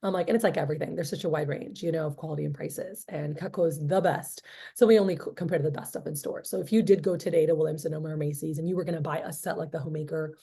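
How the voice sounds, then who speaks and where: Animated woman sales trainer, lowish voice. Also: rapid-fire, gravelly, breathy edge. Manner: animated storytelling, acting out both sides of dialogues. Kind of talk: motivational sales training talk.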